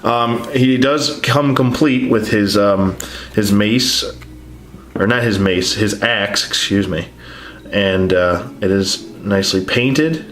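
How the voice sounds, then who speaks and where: A man's voice: lowish voice, takes it slowly, a bit bright. A man reviewing an action figure in a casual vlog, rambling with many fillers and restarts while he is losing his voice. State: losing his voice, throat clearing.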